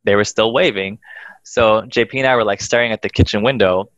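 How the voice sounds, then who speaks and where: A man casually telling a ghost story on a podcast, animated, swearing freely and acting out the voices of the people in it. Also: fairly low pitch, brisk, no room sound, muffled recording.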